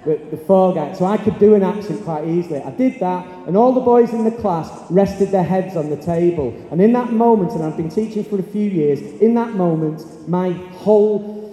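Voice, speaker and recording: A man in his forties tells a classroom story on stage, acting out his pupils as he goes. His voice sits high but sounds soft and dark. The hall adds a long, roomy echo. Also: moderate pace. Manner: animated, acts out pupils' voices. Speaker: teacher giving a talk. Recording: echoey hall, long reverb.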